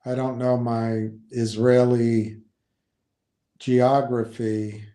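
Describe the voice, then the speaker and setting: Man, unhurried, mellow dark tone, skeptical, thinking aloud. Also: mid-range voice, little pitch movement. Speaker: commentator on investing. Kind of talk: casual commentary, reading aloud from a website.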